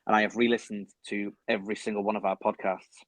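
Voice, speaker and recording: A man co-hosting a casual football podcast, talking quickly and rambling with many restarts. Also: fairly low pitch, little pitch movement, a crowd in the background, low-quality recording. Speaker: podcast co-host. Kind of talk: casual chat. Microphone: home video call.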